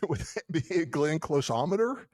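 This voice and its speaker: A man's voice: fairly high pitch, very animated, normal speed, darkish tone, no echo, clean studio sound. A man from the American South co-hosting a podcast, chatting and rambling with frequent laughs and restarts. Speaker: podcast co-host. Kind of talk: casual podcast chat.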